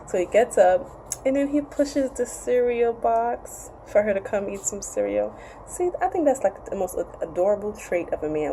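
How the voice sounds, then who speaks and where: A woman's voice: medium pitch, moderate pace, slight background noise, low-quality recording. Chatty, candid woman recapping a show. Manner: chatty, candid, profane, lively retelling with acted quotes. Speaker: TV show reviewer. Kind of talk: casual recap and review.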